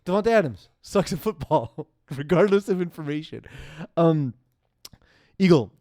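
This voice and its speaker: A man's voice: on the high side, animated, measured pace, warm tone, dry recording, studio quality. A young man hosting a casual sports podcast, rambling through self-mocking asides. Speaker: podcast host.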